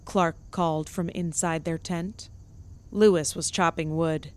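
A woman narrating a comedic story in a deadpan, mock-grand delivery. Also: fairly low pitch, measured pace.

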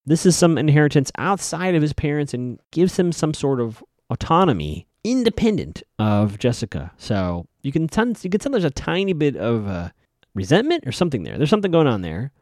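A man's voice: on the high side, very animated, brisk, darkish tone, no room sound, clean studio sound. A man casually recapping a TV episode as a podcast host, chatty and rambling, often correcting himself.

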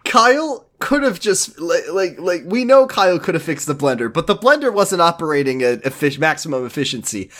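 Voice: medium pitch, sing-song, brisk, few pauses, fairly bright tone. A podcast co-host in casual recap chat, giggly and rambling, cracking jokes between laughs.

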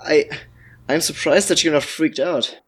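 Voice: medium pitch, measured pace, husky. Brief: player as a shy young male mage, hesitant, stammering. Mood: unsure. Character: nervous young male mage with wild magic.

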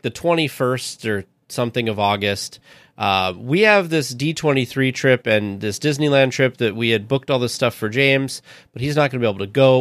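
A man's voice: medium pitch, fairly bright tone, no room sound, studio quality. A man hosting a podcast, telling a personal story in an earnest, heartfelt casual way.

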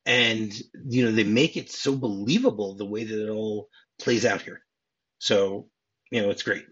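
Husky-voiced man hosting a film podcast. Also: lowish voice, a bit bright. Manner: retells film scenes eagerly, with many quick restarts. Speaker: podcast host. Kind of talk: casual podcast film recap. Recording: dull lo-fi podcast audio.

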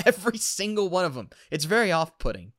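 A man co-hosting a casual podcast, ranting in an animated way and laughing at his own frustrations. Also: sits high, a little fast, no echo, clean studio sound. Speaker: podcast co-host.

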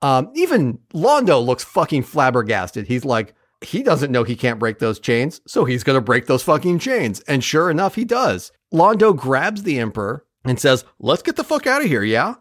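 A podcast host casually recapping a TV episode with heavy swearing and animated retelling. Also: medium pitch, moderate pace, few pauses, no echo, clean studio sound. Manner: profane, animated retelling of plot. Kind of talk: casual chat.

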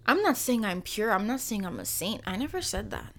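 A young woman from the Caribbean hosting her own podcast in a personal monologue. Her voice sits at a middle pitch, and she swings between emphatic, rhetorical questions and soft, near-whispered asides. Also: big pitch swings, fairly quick. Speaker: podcast host.

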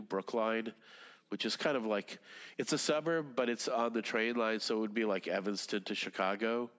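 A man's voice: medium pitch, a bit bright, big-room sound, dull audio. A man in his fifties, a native Russian speaker, rambling casually as an interview guest, with lots of fillers, restarts and swearing. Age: 50s. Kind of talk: casual conversation.

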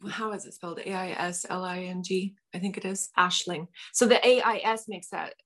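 Brief: woman, thirties, podcast guest, easygoing and halting, telling her own story. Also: fairly low pitch, fairly even intonation, a bit bright. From Utah. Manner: easygoing, hesitant with fillers. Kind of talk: casual storytelling interview.

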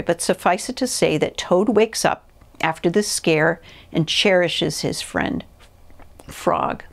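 A woman preaching a sermon in an earnest, measured way, reading scripture and a story aloud. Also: on the low side, creaky. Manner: earnest, measured teaching with pauses.

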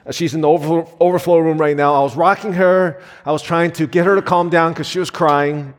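A man's voice: a little high, steady tone, brisk. A man in his thirties preaching a sermon as a pastor, earnest and conversational, with frequent fillers. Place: church sanctuary. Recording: long hall reverb.

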